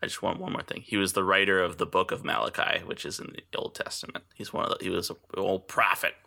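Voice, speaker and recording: A man's voice: sits low, little pitch movement, fast, creaky, bright, forceful tone. A man co-hosting a podcast in casual chat, joking sarcastically with many hesitations. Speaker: podcast co-host.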